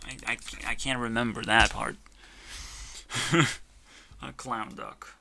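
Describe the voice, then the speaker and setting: A man's voice: mid-range voice, slow, creaky, long pauses, sharp tone. A man rambling in a profane, erratic monologue, his volume swinging up and down as he rants. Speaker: vlogger.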